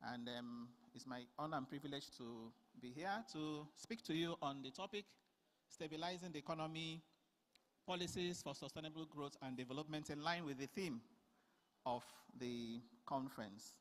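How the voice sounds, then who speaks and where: A man delivers a formal conference paper in a large hall, his voice trailing off in long reverb. He talks in a measured way, with frequent fillers and restarts. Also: fairly high pitch, a bit bright. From Nigeria.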